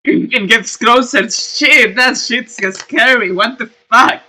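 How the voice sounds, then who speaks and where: A woman's voice: on the high side, slow, pushed and bright. A woman player in a tabletop game, blunt and swearing casually. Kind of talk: casual chat.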